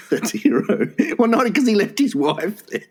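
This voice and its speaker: A man's voice: very animated, normal speed, husky. A man co-hosting a crude comedy podcast, laughing often and swearing as he tells stories. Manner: laughs often, swears, swoops into squeaky voices for quotes. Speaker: podcast co-host.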